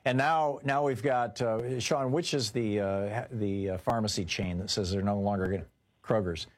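A man hosting a call-in radio talk show, briskly steering callers along and moving to the next one. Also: lowish voice.

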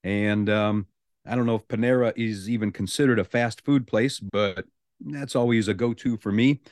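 A man's voice: lowish voice, moderate pace, dry recording. Chatty male radio host, dry studio sound. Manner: relaxed, chatty, amused asides. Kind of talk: morning radio talk. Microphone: studio mic.

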